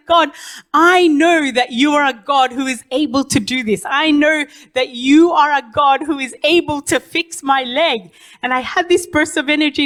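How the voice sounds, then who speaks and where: A woman's voice: high-pitched, a bit bright. A young woman giving a personal testimony to a church congregation, speaking earnestly and animatedly, often restarting her sentences.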